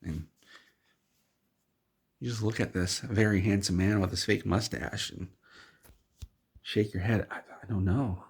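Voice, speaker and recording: Deep gravelly male storyteller. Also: measured pace, long pauses. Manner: rambling, deadpan absurd. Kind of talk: second-person storytelling.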